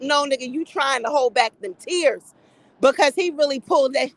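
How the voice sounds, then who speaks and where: A woman with a high voice talks in an unfiltered, profane way, with an animated, gossipy edge. She sounds middle-aged and speaks as a commentator holding forth to her viewers. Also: moderate pace, low-quality recording. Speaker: commentary vlogger. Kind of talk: casual opinion commentary.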